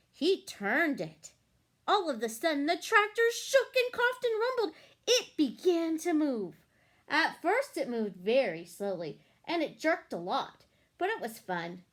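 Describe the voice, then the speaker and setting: A woman reading a picture book aloud to children, pausing to ask them questions. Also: high-pitched. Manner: animated, asks the listeners questions.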